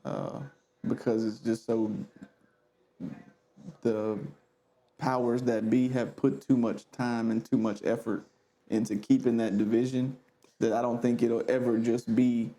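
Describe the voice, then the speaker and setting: A man's voice: mid-range voice, level tone, measured pace, pauses often, dark tone. A man hosting a podcast, talking in a reflective way with fillers in casual conversation. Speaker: podcast host.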